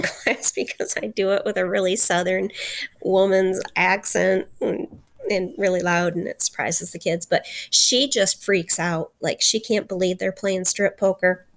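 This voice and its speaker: A woman's voice: medium pitch, vocal fry. A woman teacher retelling and explaining a novel chapter in a chatty way, with lots of fillers and bits of acted-out dialogue.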